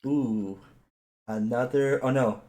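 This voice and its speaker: A man playing in a tabletop game at an unhurried, slow pace. He is easygoing and breaks into chuckles between his lines. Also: mid-range voice, a little mellow. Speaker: player. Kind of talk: casual tabletop play.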